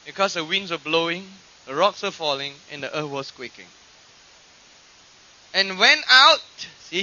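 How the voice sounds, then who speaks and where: A man preaching a sermon in a high, very bright, cutting voice. He swings between loud, stretched-out lines and hushed asides, with fillers and restarts as he addresses the congregation. The sound is dull and lo-fi, like an old archive recording.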